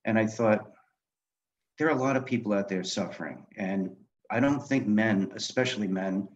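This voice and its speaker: Lively low-voiced man telling anecdotes. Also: normal speed, slight background noise. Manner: animated anecdotes, acting out quoted dialogue. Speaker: guest, author and film director. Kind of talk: storytelling in a podcast interview. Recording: dull lo-fi sound.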